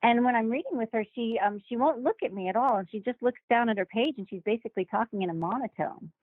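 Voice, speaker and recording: A woman's voice: fairly high pitch, fast, dry recording. A woman actor telling a story in a casual interview, acting out the people she quotes and laughing now and then. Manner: animated, acts out quoted voices with laughs. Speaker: guest actor. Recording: dry, phone-like remote call audio.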